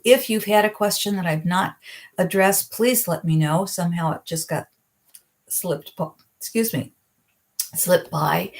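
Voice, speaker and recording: A middle-aged woman hosting a psychic advice live stream, talking earnestly and gently and slowing down at heartfelt points. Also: fairly low pitch. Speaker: psychic video host. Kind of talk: reflective live-stream talk.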